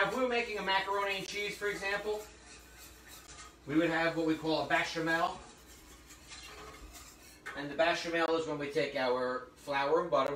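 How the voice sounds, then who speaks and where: A man running a live cooking class, chatting through every step in a fairly high voice. He sounds a little away from the phone mic, and the kitchen around him rings with echo. Pots and pans clatter faintly behind him. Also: a bit bright, a little hiss or hum. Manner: chatty, explains steps as he cooks. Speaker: cooking instructor. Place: hot kitchen. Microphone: phone streaming to a remote audience. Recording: echoey room, voice from a distance.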